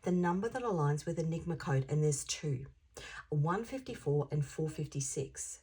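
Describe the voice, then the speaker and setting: A woman's voice: deep voice, expressive, normal speed, warm tone, husky. A woman reading tarot to camera in a chatty, rambling way, dropping into whispers to stress a point. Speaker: intuitive tarot reader.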